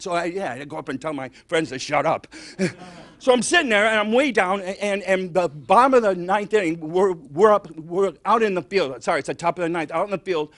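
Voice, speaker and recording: A man's voice: high-pitched, animated, a little fast, a bit bright. An older man from Detroit doing rambling, self-mocking stand-up comedy. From Detroit, Michigan. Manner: rambling, self-mocking, exaggerated tall tales.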